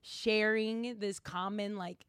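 A woman's voice: medium pitch, fairly even intonation, slow, fairly bright tone, smooth, no room sound, clean studio sound. A young woman hosting a podcast, chatty and giggly, filling her talk with "like". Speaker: podcast host. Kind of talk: casual chat.

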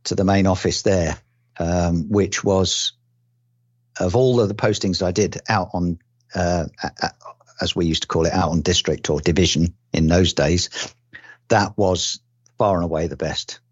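A man's voice: sits low, measured pace, husky, no echo. An older man from England, a retired police detective, recalling his career in an interview with many ums, restarts and dry humour. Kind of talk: relaxed oral-history recollection. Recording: dull dry lo-fi recording.

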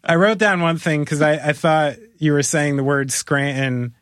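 A man's voice: fairly high pitch, moderate pace, a bit bright, no room sound, clean studio sound. A man hosting a podcast in a casual chat, joking and rambling, laughing often. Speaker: podcast host.

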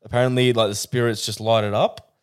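A man's voice: mid-range voice, flat delivery, a little fast, clear, resonant tone. A young man co-hosting a podcast, bantering in a matey, joking way with casual swearing. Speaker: podcast co-host.

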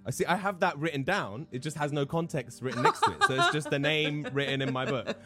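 Stammering man with a lively voice. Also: on the high side, fairly quick, soft background music. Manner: stammering, hesitant. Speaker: player. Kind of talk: casual tabletop game chat.

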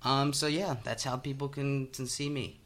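Improv guy on a podcast, bright voice, mid pitch, earnest, lots of ums. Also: level tone, moderate pace, slight background noise. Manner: earnest, hesitant, with fillers. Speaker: guest improviser. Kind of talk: casual comedy podcast chat.

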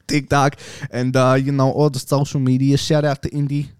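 A man's voice: medium pitch, completely flat delivery, moderate pace, darkish tone, smooth, no room sound, studio quality. A young man co-hosting a casual podcast, jokey and loose, often laughing and swearing. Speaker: podcast co-host. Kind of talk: casual chat.

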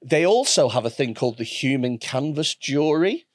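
Animated, sweary man. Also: mid-range voice, moderate pace, dry recording, clean studio sound. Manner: sweary, animated storytelling with voiced impressions. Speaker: podcast host. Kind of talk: casual chat.

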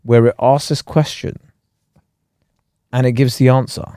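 Male co-host; mid pitch, rambling and jokey, dry studio sound. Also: steady tone, unhurried, dark tone, smooth, no echo. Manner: rambling, jokey, trailing restarts. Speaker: podcast co-host. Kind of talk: casual chat.

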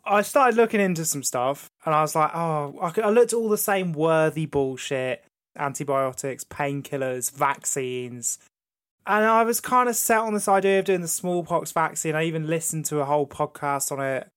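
A man's voice: a little high, normal speed. A man co-hosting a podcast in casual chat, telling his pick with crude swearing. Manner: crude, swearing, animated storytelling. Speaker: podcast co-host.

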